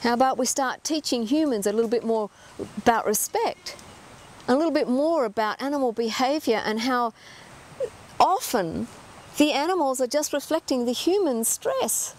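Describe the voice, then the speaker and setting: A woman's voice: high-pitched, lively intonation, moderate pace, darkish tone, slight background noise. A middle-aged woman giving an earnest talk as an animal communicator, emphatic and full of rhetorical questions.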